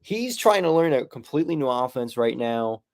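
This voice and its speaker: A man's voice: mid-range voice, sing-song, normal speed, a little mellow. A young man co-hosting a casual sports podcast. He is opinionated and swears casually. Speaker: podcast co-host.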